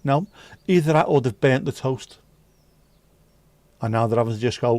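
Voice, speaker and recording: A British man runs a relaxed livestream, chatting, joking, and reading out viewers' comments. He speaks at an ordinary pitch and a moderate pace, and the recording is close and dry with no room echo.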